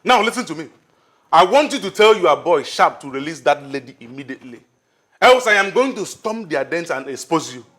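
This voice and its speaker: A man's voice: on the high side, big pitch swings, fairly quick, a bit bright. An actor playing a man who threatens a woman into releasing a hostage, in a firm, threatening manner. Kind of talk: Nollywood film drama.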